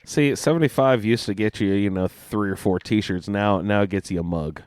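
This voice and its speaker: A man's voice: lowish voice, normal speed, smooth, no echo, clean studio sound. A man hosting a casual podcast, joking around with frequent fillers. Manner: jokey, lively, with frequent fillers. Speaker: podcast host.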